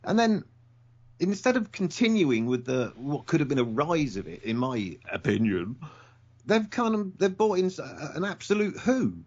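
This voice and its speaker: A man's voice: fairly high pitch, sing-song, moderate pace, a little mellow, muffled recording. A man co-hosting a podcast in casual chat, blunt and opinionated, often stumbling over his words. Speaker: podcast co-host.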